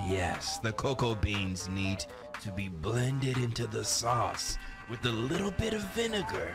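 Deadpan tv chef in a game, slow and drawn out, pitch bouncing around, music behind. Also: male voice. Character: male TV chef giving absurd cooking instructions. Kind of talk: in-game TV cooking show.

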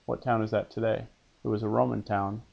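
This elementary Latin teacher has a fairly low, gravelly voice and a flat, slightly fast delivery, captured in dull audio. He patiently reads phrases for a learner to repeat, translates them, and asks questions he answers on his own.

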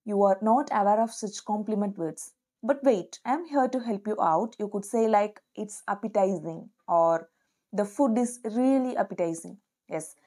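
A woman teaching an online lesson, upbeat, slowing down to model example phrases for learners to repeat. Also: medium pitch, mellow. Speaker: English teacher.

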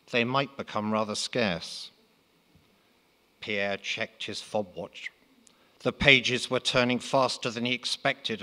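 Bright-voiced English man reading deadpan comedy. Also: mid-range voice, big-room sound. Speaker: author reading his work. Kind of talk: comic literary pastiche reading.

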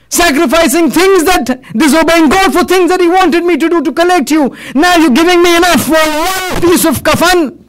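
A man's voice: very high-pitched, a bit bright, full character voice, low-quality recording. A man voicing a desperate dying old man who pleads for help and protests indignantly. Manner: pleading, indignant, raising his voice.

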